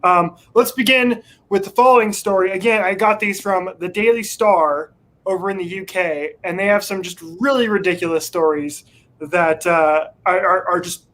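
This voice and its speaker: A man's voice: high voice, normal speed, a bit bright. A man co-hosting a casual chat show, laid-back and wry, reading odd news stories aloud with some swearing. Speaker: co-host.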